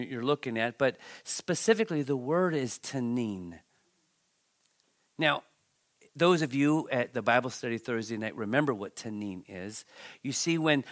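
A man's voice: a little high, a bit bright. A man preaching a sermon, reading scripture with dramatic emphasis and turning to the congregation with conversational asides. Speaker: pastor.

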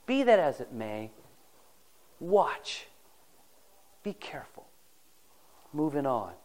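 A man with a fairly high, darkish, sing-song voice preaches slowly, retelling a Bible story in a folksy, conversational manner. He speaks directly to the congregation and acts out the characters' lines.

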